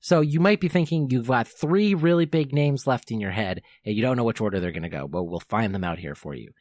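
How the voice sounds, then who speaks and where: A man's voice: mid-range voice, lively intonation, a little fast, darkish tone, dry recording, clean studio sound. A young man hosting a podcast, giving an enthusiastic fan's countdown commentary that rambles with fillers and self-corrections. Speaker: podcast host.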